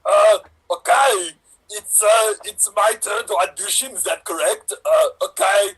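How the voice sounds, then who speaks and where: A flustered action star, as a man puts him on, stumbles through an audition, stalling and restarting. The voice is high for a man, gravelly and husky. It sounds like it comes over a radio feed. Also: measured pace, fairly bright tone, full character voice, poor audio. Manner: hesitant, full of "uh" fillers. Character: male action star auditioning as an actress, bumbling. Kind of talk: improv comedy scene.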